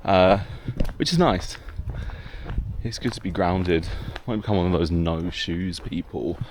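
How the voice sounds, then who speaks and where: A man's voice: low-pitched, a little slow, darkish tone. A man talking casually while out on a hill walk, rambling and self-mocking with the odd swear word, a bit out of breath. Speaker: vlogger. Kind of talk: casual hiking vlog. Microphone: handheld camera.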